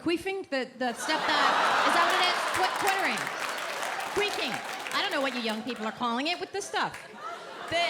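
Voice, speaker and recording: A middle-aged woman works a stand-up set into a handheld mic, her voice sitting a touch high. She rambles wryly, mocks herself and now and then bursts out loud. A live club crowd laughs and cheers throughout, with steady background noise. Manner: wry, self-deprecating, rambling with sudden loud outbursts. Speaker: stand-up comedian. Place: comedy club stage with live audience. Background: audience laughter and cheering.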